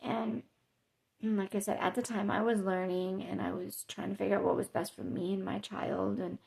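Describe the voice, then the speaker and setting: A woman's voice: medium pitch, little pitch movement, brisk, gravelly, a little mellow. A woman vlogger telling a personal story in an emotional, conversational way with many fillers.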